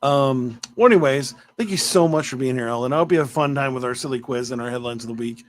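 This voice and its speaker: A man's voice: medium pitch, fast. A man hosting a podcast, chatting casually with playful, self-mocking jokes and rambling asides. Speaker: podcast host. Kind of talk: casual interview chat.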